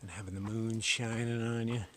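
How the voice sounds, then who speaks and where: A man vlogging alone on a forest trail at night, chatting casually to a handheld camera as he walks, sometimes dropping to a hushed whisper. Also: lowish voice, fairly even intonation, moderate pace, slight background noise. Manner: chatty, drifting between normal voice and hushed whispers. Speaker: solo long-distance hiker vlogging. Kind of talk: casual talk to camera while hiking.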